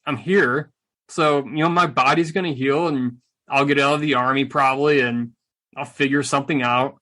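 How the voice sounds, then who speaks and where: A middle-aged man, a veteran guest in an interview, telling stories in a casual, animated, joking way with a sarcastic streak. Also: medium pitch, moderate pace. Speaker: guest, combat veteran and speaker.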